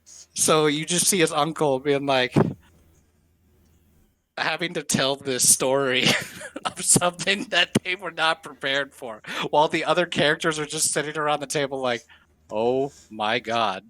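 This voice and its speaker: A man co-hosting a podcast, telling a funny story in an animated way and laughing as he acts out what others said. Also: on the high side, normal speed, no echo. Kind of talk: casual storytelling chat.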